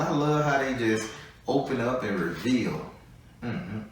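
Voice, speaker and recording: A man's voice: medium pitch, animated, measured pace, far from the mic, a little hiss or hum. Blunt, profane man in an echoey room. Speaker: tarot reader. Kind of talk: live tarot reading.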